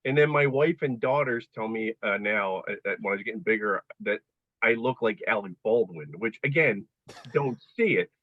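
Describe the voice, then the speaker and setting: A husky man in his fifties rambles through stories as a podcast guest, joking at his own expense and often restarting his sentences. The recording sounds a little dull and lo-fi, and it is dry and close. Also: on the low side, normal speed, no echo. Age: 50s. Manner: chatty storyteller, self-deprecating humor, many restarts. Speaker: guest, coaching client. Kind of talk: casual podcast conversation.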